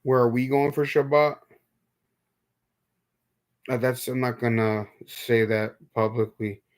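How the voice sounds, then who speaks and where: A man's voice: mid-range voice, little pitch movement, takes it slowly. A young man from New York talking casually on a live stream, rambling, stumbling over repeated words and answering viewers. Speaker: livestream host.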